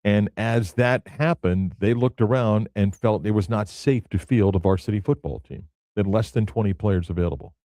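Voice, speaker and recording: A man's voice: lowish voice, normal speed, warm tone, no echo, clean studio sound. A man hosting a sports radio show, talking loosely with lots of fillers. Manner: loose and conversational, many fillers. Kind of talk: casual sports talk. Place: radio studio.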